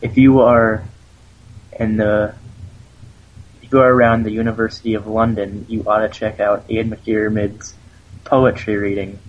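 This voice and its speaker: Husky low-voiced man, muffled podcast. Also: level tone, measured pace, long pauses. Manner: jokey, rambling, trails off. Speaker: podcast co-host. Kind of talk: casual fan podcast chat.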